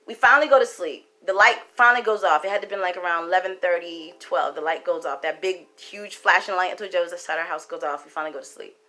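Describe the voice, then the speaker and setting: Storyteller vlogger: young woman, crisp bright tone, emphatic and casual, swears freely. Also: lowish voice, quick pace, hardly any pauses. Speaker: tarot card reader.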